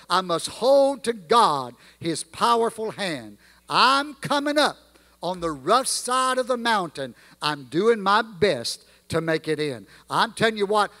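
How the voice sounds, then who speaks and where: Emphatic Southern preacher in a church hall. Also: male voice, high voice, bright, forceful tone. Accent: Southern American. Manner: preaching with sung-spoken quotes, emphatic. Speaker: guest preacher. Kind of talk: sermon. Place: church sanctuary.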